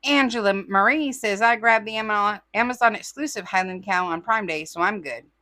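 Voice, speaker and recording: A woman's voice: medium pitch, normal speed, sharp tone, no room sound. A woman from California hosting a crafting channel, reading viewer comments aloud with chatty asides and calling the audience y'all. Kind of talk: casual chat.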